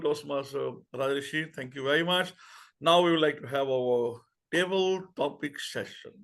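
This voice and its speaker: A man's voice: medium pitch, creaky. Effusive man hosting a club meeting. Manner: enthusiastic, effusive, halting with restarts. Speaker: meeting master of ceremonies.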